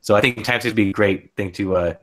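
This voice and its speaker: A man's voice: on the low side, rapid-fire. Rambling man hosting a podcast. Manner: rambling, many restarts. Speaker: podcast host. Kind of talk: casual livestream chat.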